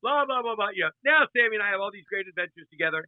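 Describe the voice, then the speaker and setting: A man's voice: sits high, racing, no echo. Exuberant man on a tinny call. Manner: lively, exuberant anecdote-telling with slangy asides. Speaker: restaurateur and TV presenter guest. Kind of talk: casual storytelling chat. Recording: tinny phone-like line, dry.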